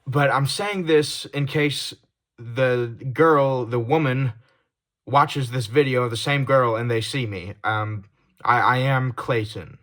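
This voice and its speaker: This medium-pitched young man delivers a confessional vlog monologue as a YouTuber. His speech is heated and full of swearing yet apologetic, marked by halting restarts and quiet trailing off.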